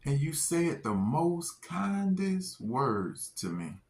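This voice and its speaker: Brief: man playing a surprised female doctor, questions drawn out slowly in a lifted voice. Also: on the high side, very animated, a little mellow, pitched above the performer's own voice, full character voice. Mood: astonished. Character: surprised female doctor, middle-aged woman.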